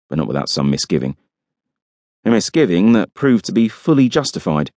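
A man's voice: low-pitched, big pitch swings, a little fast, darkish tone, no echo. A man narrating a first-person audiobook with wry, dry humour.

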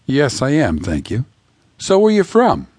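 A man reading an audiobook, voicing a dazed young woman from the fifties who speaks softly and politely. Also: mid-range voice, huge pitch swings, unhurried, slightly rough, dry recording, studio quality, voice pushed up, exaggerated voice. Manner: soft, tentative, old-fashioned politeness.

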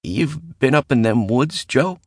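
A man's voice: medium pitch, lively intonation, measured pace, husky, dry recording, voice pushed up. A cautious diner regular , put on by a male narrator, asks careful, hesitant questions in a voice lifted well above the narrator's own. The read is dry and close to the mic. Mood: wary.

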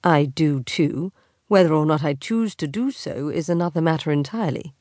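A woman voicing a teasing, insolent young aristocratic husband in a slow, drawling, mocking manner. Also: deep voice, darkish tone, no room sound, clean studio sound, natural voice.

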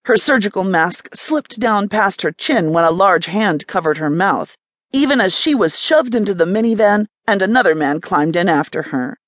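Lively woman narrating an audiobook. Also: medium pitch, no echo, clean studio sound. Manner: expressive, lively reading. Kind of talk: scripted narration of a romance thriller.

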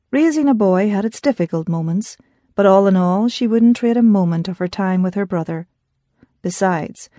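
A woman narrating an audiobook in a measured storytelling manner. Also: medium pitch, dark tone, no room sound, clean studio sound. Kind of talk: scripted narration.

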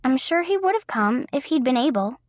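A woman's voice: high voice, animated, fairly quick, no room sound, pitched above the performer's own voice. A woman reading the lines of a young woman just out of college, with dry, polite humor. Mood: wry. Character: wry young woman, new college graduate.

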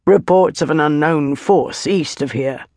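A woman voicing a brisk male army tribune in an audiobook, speaking curtly. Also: low-pitched, darkish tone, dry recording, studio quality. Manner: brisk, curt.

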